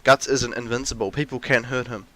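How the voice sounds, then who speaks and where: A man's voice: mid-range voice, steady tone, a little fast, sharp tone, no echo. A young man in a ranty, rambling monologue, full of restarts and fillers, with mocking acted-out quotes of characters. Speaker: video essayist.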